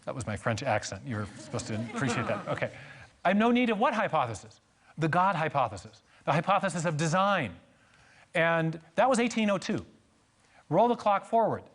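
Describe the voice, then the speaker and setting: A man's voice: a little high, expressive, brisk, a bit bright. Storytelling man lecturing at church. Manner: storytelling with joking asides. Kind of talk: church lecture on science and faith.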